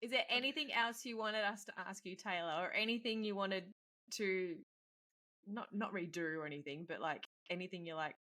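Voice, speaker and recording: A woman co-hosting a casual podcast, bubbly and quick to exclaim. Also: medium pitch, bright, forceful tone. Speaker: podcast co-host. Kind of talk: casual chat.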